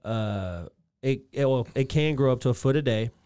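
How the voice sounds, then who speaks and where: A man co-hosting a podcast, reading trivia aloud in a relaxed way with jokey asides. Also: medium pitch, normal speed, clean tone. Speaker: podcast co-host.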